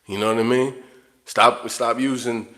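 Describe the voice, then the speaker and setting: A livestream host talks directly to his viewers in an unscripted monologue, ranting bluntly and profanely while repeating himself. His mid-range voice is steady, bright and forceful, at normal speed.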